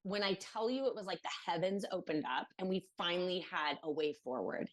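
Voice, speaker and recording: A woman's voice: fairly low pitch, fairly quick. A woman from Maryland, a podcast guest, telling a personal story in a casual interview, acting out what others said, with many fillers. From Maryland, USA. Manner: animated, acts out quoted voices, many fillers.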